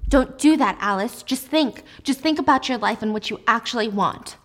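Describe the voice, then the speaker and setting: A woman's voice: a little high, normal speed, lightly acted. A woman voicing a controlling husband who keeps coaxing and reassuring his wife. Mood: pleading. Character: controlling husband, soothing and insistent.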